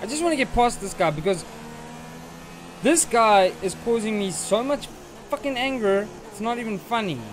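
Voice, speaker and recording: A young gaming channel host with a high-pitched, animated voice talks at normal speed while playing a racing game. He's frustrated, swearing and ranting at a rival driver. There's slight background noise.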